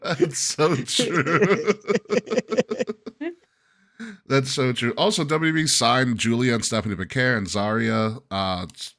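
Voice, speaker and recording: A man's voice: medium pitch, slow, pauses often, fairly bright tone. A man hosting a podcast in casual chat, laughing often and joking loosely. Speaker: podcast host.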